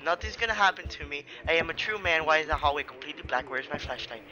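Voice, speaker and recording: A man playing a horror game, joking around and shouting in mock panic as he commentates. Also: on the high side, fast, highs cut off, faint music behind. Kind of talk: let's play commentary.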